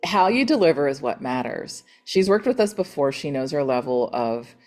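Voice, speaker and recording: Chatty low-voiced woman hosting a coaching call. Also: moderate pace, faint music behind. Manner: chatty, retells conversations with lively quoted voices. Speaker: real estate coaching call host. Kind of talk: motivational team call.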